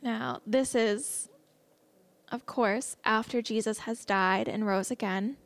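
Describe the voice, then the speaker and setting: A woman's voice: a little high, takes it slowly. A young woman giving a casual sermon, earnest and conversational, reading scripture and talking it through. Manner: earnest and conversational, slips into excited laughs. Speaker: speaker teaching a Bible message.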